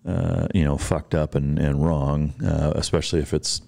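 A man hosting a podcast, speaking in a casual, halting, profane way with many fillers and restarts. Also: very deep voice, flat delivery, gravelly, warm tone. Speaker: podcast host.

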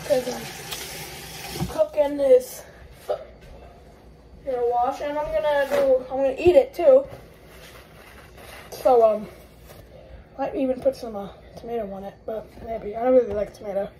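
A woman's voice: high voice, fairly even intonation, measured pace, long pauses, mellow, a little hiss or hum, rough recording. A woman with the hiccups giving a rambling, chatty cooking tutorial in a home kitchen. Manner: rambling, chatty, self-correcting. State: has the hiccups. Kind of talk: casual cooking tutorial chat.

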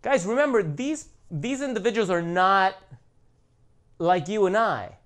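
Blunt, emphatic man with a higher voice. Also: expressive, measured pace, a bit bright. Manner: blunt, emphatic, repeats points for stress; speaks directly to the audience. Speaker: channel host. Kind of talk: casual monologue to viewers.

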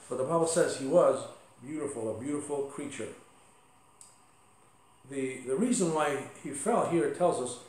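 A man's voice: medium pitch, darkish tone. A male pastor giving a conversational sermon with asides and light humor. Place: church sanctuary. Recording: echoey church sanctuary.

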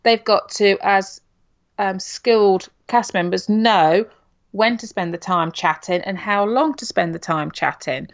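A woman's voice: mid-range voice, unhurried. A middle-aged woman from Nottingham with an English accent, co-hosting a podcast in casual, chatty talk. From England. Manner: chatty, uses "you know" and tag questions. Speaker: podcast co-host. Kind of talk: casual chat. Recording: dull lo-fi sound.

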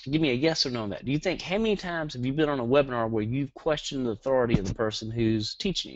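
A Southern-accented man runs a live webinar in a fast, hyperactive rush, peppering listeners with questions. His voice sits at an ordinary pitch. The sound is dry and a little dull, like a call mic. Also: dry recording. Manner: energetic, hyperactive, fires rhetorical questions at the audience. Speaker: online marketing webinar presenter.

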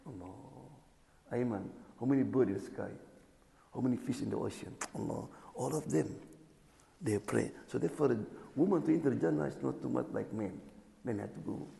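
A man preaching as an imam, animated, acting out little dialogues and checking in with his listeners. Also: mid-range voice, brisk, vocal fry. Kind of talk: sermon. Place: community hall or mosque. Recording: echoey hall.

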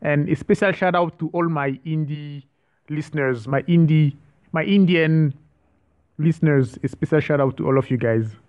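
A man giving an online French lesson, speaking slowly and repeating each word, with some hesitant restarts. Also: on the high side, muffled recording. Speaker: French teacher.

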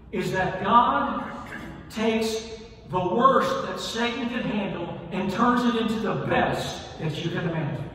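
A man's voice: high voice, a little hiss or hum. Man preaching in an echoey hall. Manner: storytelling, wide swings between loud emphasis and quiet asides. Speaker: pastor. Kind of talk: sermon. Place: church sanctuary. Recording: echoey hall, from far off, faint ambience.

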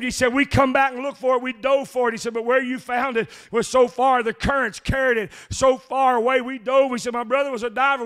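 A man's smooth, very high-pitched voice carries a sermon that moves from a long story into a shouted, rhythmic chant, each phrase led by an "uh."

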